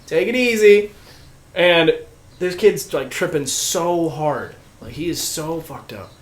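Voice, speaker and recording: A man's voice: fairly high pitch, lively intonation, slow. A young man, a podcast guest, telling a wild story casually, swearing freely and acting out the voices of the people in it. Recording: echoey room.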